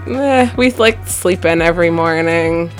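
A woman's voice: on the low side, unhurried, soft background music. A middle-aged woman with a nasal voice, a guest chatting and laughing in a radio studio. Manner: laughing, self-mocking. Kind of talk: casual radio chat.

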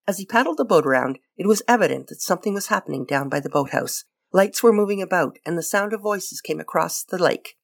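A woman's voice: on the low side, lively intonation, fairly quick, gravelly, few pauses. A woman, reading a short story aloud as a radio host, then signing off. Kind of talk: storybook narration and radio sign-off.

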